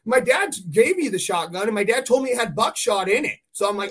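A man from California hosting a podcast, telling hunting stories in a casual, animated way and swearing freely. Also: sits high, fairly quick, husky. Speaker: podcast host. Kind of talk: casual chat.

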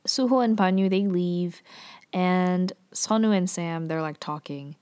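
A woman's voice: on the low side, a little mellow. A woman casually recapping a drama episode, chatty and loose, full of fillers and playful asides.

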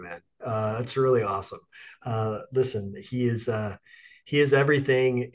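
A man hosting a podcast and coaching dads, speaking earnestly and encouragingly in casual chat. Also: fairly low pitch. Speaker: podcast host and dads' coach.

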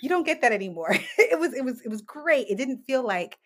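A woman's voice: sits high, brisk. A woman in her thirties co-hosting a podcast in casual chat, acting out quotes and laughing often. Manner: animated, laughing, acts out quotes. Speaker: podcast co-host.

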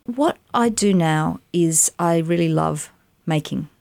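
A middle-aged woman, an actress and voiceover artist, telling animated stories in a casual interview, with rambling asides. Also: deep voice, slow, vocal fry, no room sound. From Australia. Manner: animated, chatty, rambling anecdotes with many asides.

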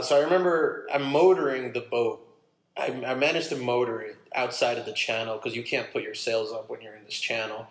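A man casually telling a long personal story, animated and acting out what people said. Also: mid-range voice. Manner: animated, acts out his own quotes. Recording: roomy echo.

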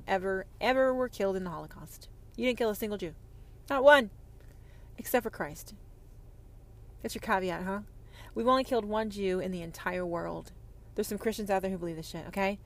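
A woman hosting a podcast, delivering a profane, confrontational rant that swings between loud outbursts and hushed lines. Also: mid-range voice, moderate pace. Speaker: podcast host. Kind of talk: ranting podcast monologue.

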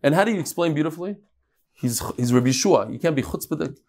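A man teaching a Talmud lesson in an animated way, acting out the sages' exchanges and mixing in Hebrew and Aramaic terms. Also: fairly high pitch, quick pace.

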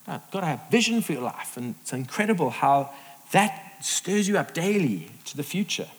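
Animated male preacher in a big hall. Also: a little high, normal speed. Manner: animated, acts out quoted voices. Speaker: pastor. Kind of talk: sermon. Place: large hall with audience. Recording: reverberant hall.

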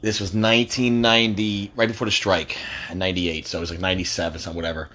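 A man's voice: sits low, level tone, fast, pushed and bright. A middle-aged man co-hosting a podcast, blunt and teasing, swearing freely. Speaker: podcast co-host. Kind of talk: casual chat.

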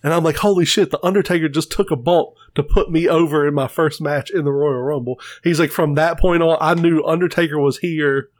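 A man's voice: a little high, brisk, hardly any pauses, no echo. A man co-hosting a casual podcast, swearing freely as he retells stories and acts out the quotes. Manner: profane, animated retelling with quoted voices. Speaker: podcast co-host. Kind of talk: casual chat, storytelling.

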